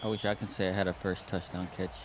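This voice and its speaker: A man's voice: deep voice, little pitch movement, fast. A man giving sports color commentary in a loose, rambling way, talking through his thoughts. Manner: rambling, full of fillers and restarts. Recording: music bed behind the voice. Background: background music.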